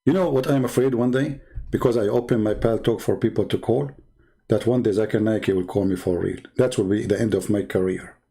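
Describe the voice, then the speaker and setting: A man's voice: on the low side, steady tone, fairly quick, dark tone. A man hosting a call-in debate show, talking in a sarcastic, rambling way full of fillers. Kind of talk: casual mocking monologue.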